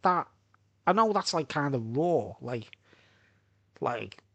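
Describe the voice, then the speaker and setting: A man's voice: mid-range voice, lively intonation, takes it slowly, gravelly, no room sound. A man from Birkenhead with a Merseyside accent, rambling through a live monologue full of asides and "right?" tag questions. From Birkenhead, England. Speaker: vlogger.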